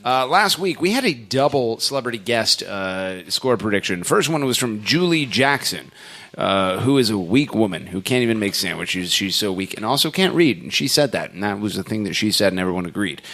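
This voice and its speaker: A man's voice: lowish voice, lively intonation, a little fast, fairly bright tone. A man hosting a casual podcast, reading out score predictions with mock-solemn sarcasm and swearing. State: been drinking beer. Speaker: podcast host. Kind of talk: casual banter, reading out standings.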